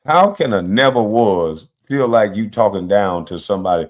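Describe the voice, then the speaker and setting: A man's voice: lowish voice, lively intonation, moderate pace. A man hosting a livestream, trading brash trash talk with the chat and breaking into laughter often. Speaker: livestream host. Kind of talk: casual livestream commentary.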